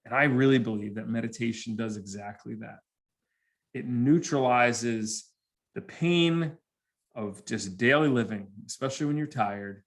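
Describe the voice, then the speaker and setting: A man giving a humorous motivational presentation to students, telling lively stories and acting out the people in them. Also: mid-range voice, a little slow. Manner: animated storyteller who acts out characters. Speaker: motivational speaker.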